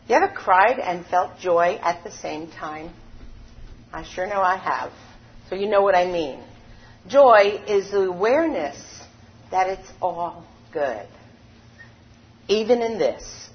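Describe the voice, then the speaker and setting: A woman preaching a sermon, emphatic and unhurried, leaning on key words and repeating them. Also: medium pitch, a little hiss or hum. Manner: slow, emphatic preaching with lively rises and falls. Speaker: spiritual teacher. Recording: dull lo-fi recording.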